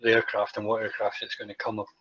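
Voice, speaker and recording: A man's voice: lowish voice, monotone, fast, a bit bright. A man on a gaming podcast who chimes in with questions and objections. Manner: interjecting, questioning. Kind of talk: casual gaming podcast chat. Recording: dull lo-fi mic.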